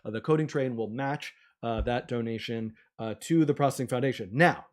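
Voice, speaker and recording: A man's voice: medium pitch, brisk. A man hosting a live-stream fundraiser, talking enthusiastically with lots of ums and restarts. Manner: enthusiastic, animated, with frequent fillers and restarts. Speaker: livestream host.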